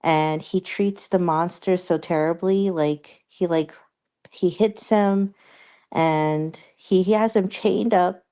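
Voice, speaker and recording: A young woman streamer chatting casually with her viewers, rambling and halting with many fillers and restarts. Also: lowish voice, steady tone, mellow, smooth.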